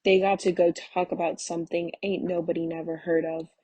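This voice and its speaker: A woman reading the part of a bitter, restless young husband, talking loud and sneering. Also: fairly low pitch, little pitch movement, a little fast, no room sound, natural voice. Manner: angry, sneering, raised voice.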